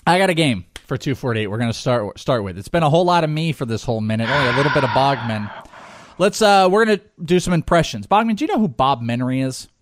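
A man's voice: mid-range voice, no room sound, clean studio sound. A man co-hosting a podcast in casual, joking chat, rambling and laughing. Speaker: podcast co-host.

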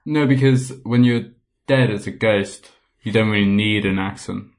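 A man's voice: fairly low pitch, moderate pace. A man co-hosting a podcast, chatting casually in a dry, teasing way. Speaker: podcast co-host. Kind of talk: casual chat.

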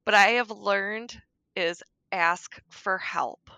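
A middle-aged woman on a podcast, talking candidly about grief, frank and darkly joking, sometimes soft-spoken. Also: mid-range voice, unhurried, vocal fry, no echo. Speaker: podcast guest.

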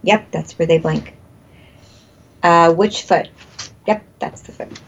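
A woman's voice: fairly low pitch, fairly even intonation, takes it slowly, husky, highs cut off. A woman leading a guided energy healing session, soothing and repeating breathing cues, laughing often. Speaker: energy healer.

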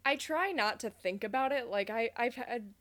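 A woman's voice: a little high, moderate pace, a bit bright. A young woman co-hosting a podcast, chatting casually and animatedly, swearing and laughing often. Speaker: podcast co-host. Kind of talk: casual chat.

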